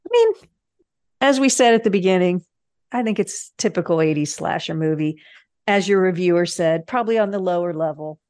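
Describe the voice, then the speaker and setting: A woman's voice: on the low side, darkish tone, no room sound, studio quality. A woman co-hosting a podcast, chatting casually about a movie with easy amusement. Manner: chatty, amused, quick to laugh. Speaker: podcast co-host. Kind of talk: casual movie recap chat.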